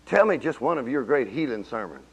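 A middle-aged man preaching a sermon, telling folksy stories and swinging from low murmurs to loud exclamations. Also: very animated, fairly quick, breathy edge. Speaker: pastor.

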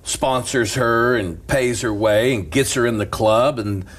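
A man's voice: medium pitch, unhurried. A male pastor telling a story in casual chat, laughing often and breaking into a preaching cadence. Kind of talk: storytelling sermon-style chat.

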